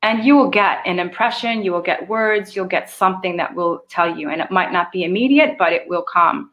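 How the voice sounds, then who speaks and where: A woman's voice: lowish voice, a little fast, muffled recording. A woman hosting a live stream of spiritual guidance, answering viewer questions in a casual, chatty way with laughs and the odd swear word. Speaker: spiritual channeler and host.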